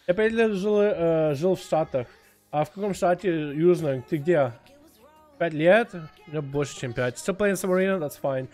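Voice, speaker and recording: A man from Russia chatting casually on a game livestream, excitable and swearing, swinging from quiet mumbles to loud bursts. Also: fairly high pitch. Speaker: game streamer. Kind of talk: casual gaming livestream chat.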